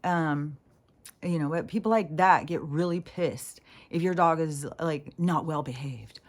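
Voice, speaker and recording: A woman with a slightly low voice rambles through a casual vlog story. She laughs between sentences, swears freely, and slips into mocking voices when she quotes other people. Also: unhurried. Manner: chatty, laughing often, swearing, quoting people in put-on voices. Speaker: vlogger.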